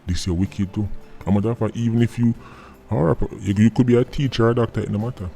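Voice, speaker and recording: A man's voice: on the low side, steady tone, fast, creaky, dark tone, soft background music. A man with a Jamaican accent giving blunt, outspoken commentary on his vlog, slipping into patois. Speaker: vlogger.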